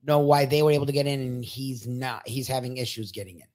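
Measured man co-hosting betting talk. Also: mid-range voice, fairly even intonation, a little mellow. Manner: measured, mildly exasperated. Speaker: sports betting show co-host. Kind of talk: casual sports betting talk.

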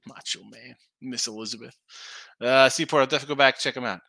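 A middle-aged sports betting show host speaks quickly in a medium-pitched, bright, forceful voice with fairly even intonation and no room sound. On his casual live stream he rambles through picks, trips over words, interrupts himself, and reads viewer comments aloud.

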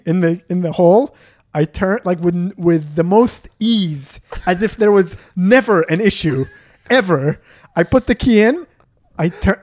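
A man telling a casual, animated story among friends, swearing freely and acting out what people said. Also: high voice. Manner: animated, swearing, acts out quotes. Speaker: storyteller guest.

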